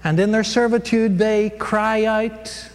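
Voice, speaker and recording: A man's voice: high-pitched, little pitch movement, slow pace. A man teaching a casual Bible class, telling the story with jokes, sound effects and many fillers. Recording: hall reverb, faint background noise.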